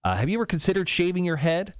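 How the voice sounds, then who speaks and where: A man's voice: racing, smooth, no echo, studio quality. A man hosting a morning radio show, joking and teasing his co-hosts in casual banter. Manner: teasing, joking, lively pitch swings. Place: radio studio.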